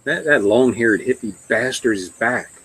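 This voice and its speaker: A man's voice: medium pitch, normal speed, fairly bright tone, a little hiss or hum, rough recording. A man co-hosting a casual chat over a video call, easygoing and rambling, laughing often. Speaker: co-host.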